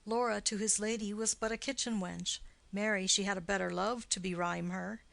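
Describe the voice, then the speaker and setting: A woman reading the part of a witty, mocking young male nobleman in an audiobook, with quick, playful, teasing delivery. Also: mid-range voice, steady tone, gravelly, a bit bright, no echo.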